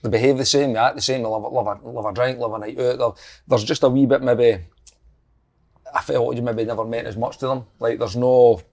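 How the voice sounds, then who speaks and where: A man's voice: mid-range voice, brisk, creaky. A man with a Scottish accent, a football coach chatting casually with friends and telling loose, rambling stories. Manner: relaxed banter, rambling stories. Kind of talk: casual chat.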